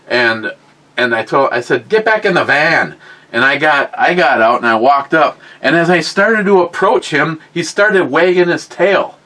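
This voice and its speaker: A man's voice: a little high, normal speed, bright, forceful tone, poor audio. A middle-aged man telling crude, rambling, self-mocking stories on a casual podcast. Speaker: podcast co-host. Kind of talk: casual storytelling chat.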